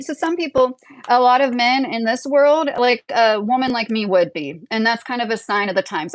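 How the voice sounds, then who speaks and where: A woman's voice: mid-range voice, dry recording. A young woman hosting a livestream, talking through her opinions in a rambling, casual way and laughing often. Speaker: livestream host.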